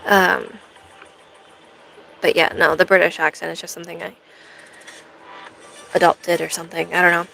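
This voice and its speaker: A woman's voice: on the low side, level tone, normal speed, vocal fry, long pauses, sharp tone, faint music behind, rough recording. A young American woman live streaming, chatting in a rambling way to her viewers. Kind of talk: casual chat to a live stream audience.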